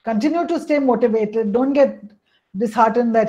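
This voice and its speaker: Lady coach on a webinar call, kinda high mellow voice, lots of "you know" as she explains. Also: normal speed, poor audio. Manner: explanatory, fills with "you know" and "hey, listen". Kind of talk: webinar talk on emotions.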